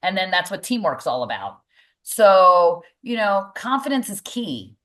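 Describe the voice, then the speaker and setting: A woman's voice: mid-range voice, big pitch swings, a little slow, fairly bright tone. A woman, a mindset coach and boxing gym owner, speaking emphatically as a podcast guest and repeating phrases for stress.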